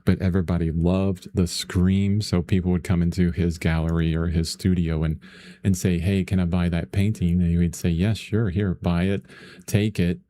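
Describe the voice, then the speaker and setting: A middle-aged man teaching painting in a casual live lesson, rambling, chatty and quick to laugh while he chats with viewers. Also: sits low, flat delivery, warm tone, a little hiss or hum. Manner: rambling and chatty, laughs often, lots of fillers. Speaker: painting instructor.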